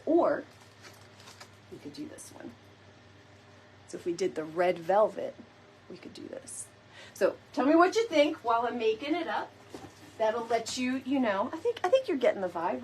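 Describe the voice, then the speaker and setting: A woman's voice: medium pitch, a little hiss or hum. A woman hosting a casual live crafting chat, playful and talking straight to her viewers. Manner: chatty, playful, addresses viewers often. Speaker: DIY decor host.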